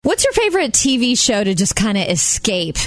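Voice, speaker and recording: A woman's voice: on the high side, very animated, brisk, no room sound. A woman co-hosting a casual talk show, telling stories in a chatty way and laughing easily. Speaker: radio co-host. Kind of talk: casual chat.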